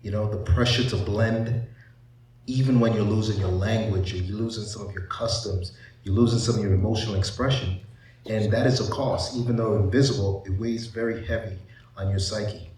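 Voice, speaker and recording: The man, a psychiatrist, talks to a live panel audience with a lowish, darkish voice, fairly even intonation, and a moderate pace. His delivery is conversational, full of rhetorical questions and frequent "you know," and he's far from the mic in a large event room with echoey hall sound.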